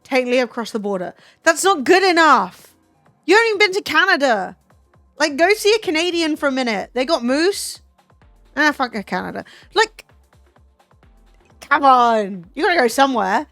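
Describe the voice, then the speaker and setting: A British woman with a high voice chats on a stream, teasing and disbelieving, with casual swearing. Her voice sits dry and close to the mic, with faint music playing underneath. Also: big pitch swings, normal speed, a bit bright, dry recording. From Britain. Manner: teasing, incredulous, swears freely. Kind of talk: casual chat with a guest.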